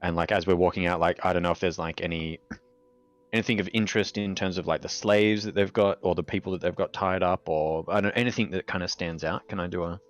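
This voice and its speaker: A man's voice: low voice, steady tone, fast, faint music behind. A man playing a tabletop game, asking rambling and tentative questions. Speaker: player. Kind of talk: casual tabletop play.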